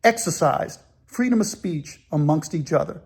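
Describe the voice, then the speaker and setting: A man's voice: on the high side, expressive, normal speed, slightly rough. A man telling a story in a loose, rambling way. He circles back and repeats phrases as he goes. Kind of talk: casual spoken storytelling.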